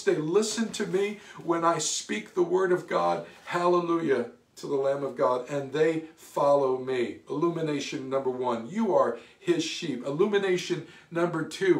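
A man's voice: fairly high pitch, distant mic. Fervent man preaching in a roomy church. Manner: fervent call-and-response preaching. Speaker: pastor. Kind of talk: sermon. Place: church sanctuary.

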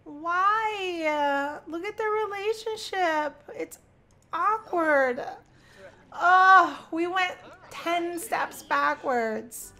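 A young woman hosting a life-sim game channel, giving excitable casual commentary with frequent squeals and laughter. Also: very high-pitched, drawn-out words. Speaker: gaming channel host. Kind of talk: casual let's-play commentary.

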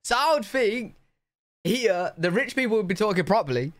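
A man's voice: sits high, lively intonation, moderate pace, no echo. A British man hosting a reaction video, chatting casually, thinking aloud and laughing often. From United Kingdom.

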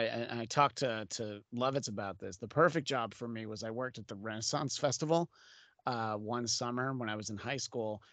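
A man's voice: mid-range voice, fairly bright tone, dry recording. A man hosting a casual podcast interview, talking in a loose, rambling way with many fillers and chuckles. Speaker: podcast host.

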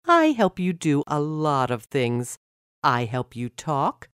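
A woman's voice: sits low, very animated, takes it slowly, smooth, dry recording, studio quality, heavily acted. A woman voicing a proud, bossy talking mouth in a children's story, speaking insistently. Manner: insistent, self-important.

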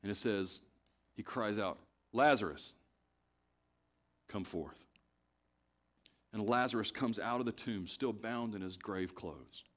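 A man's voice: on the low side, moderate pace, a bit bright. A man preaching a conversational sermon as pastor, retelling scripture scenes casually and pressing his points with repetition.

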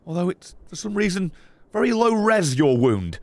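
A man, streaming a video game live, excitable and swearing, yelling at the game. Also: fairly high pitch, normal speed, creaky. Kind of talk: live gameplay streaming chat.

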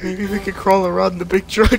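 A man chatting casually while playing a game, excitable and laughing, swearing freely at the chaos. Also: high voice, vocal fry. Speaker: gamer. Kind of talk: casual gameplay banter. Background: background music.

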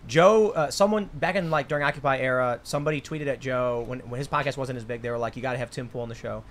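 Fast rambling host guy in his 30s, acts out all the quotes. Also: medium pitch, slight background noise. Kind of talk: casual storytelling chat.

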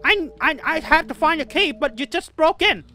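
Female gaming host, high and bright, excitable let's-play commentary with lots of shouting and swearing. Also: moderate pace, faint music behind. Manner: excitable, swears and yells at the game.

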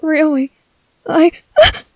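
A woman voicing a timid, gentle young man who stammers softly and apologizes, in a whispered role-play. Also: high voice, sing-song, slow, no echo, full character voice, low-quality recording. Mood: tender, shaky. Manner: hesitant, stammering, soft-spoken.

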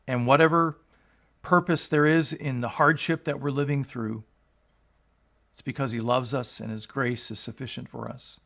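A man's voice: medium pitch, fairly even intonation, moderate pace, vocal fry, a bit bright. A male pastor reading scripture aloud and explaining it, in an earnest teaching tone that rises for emphasis. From United States.

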